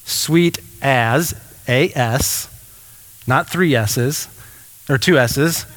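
A man's voice: mid-range voice, drawn-out words, a bit bright, long reverb tail. A man preaching a sermon as pastor, in a casual, conversational way with many fillers and restarts. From United States.

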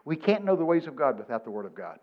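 A preacher in his seventies delivers a folksy sermon, weaving scripture into lively stories. His voice sits somewhat high for a man. The recording is dull and lo-fi. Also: fast. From Texas. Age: 70s. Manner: folksy, animated storytelling with scripture quotes.

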